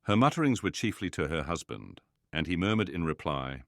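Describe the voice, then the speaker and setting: A male narrator reading a classic novel in a measured, steady way. His voice sits extremely low. The recording is dry and close, with no room sound. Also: gravelly, no echo. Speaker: audiobook narrator.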